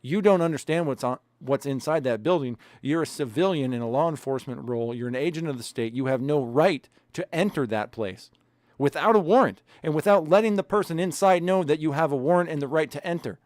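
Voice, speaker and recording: A man's voice: a little high, a little fast, darkish tone, no room sound. Podcast co-host, male, heated and profane, dry close-miked sound. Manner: profane, angry, emphatic. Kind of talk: heated casual podcast rant.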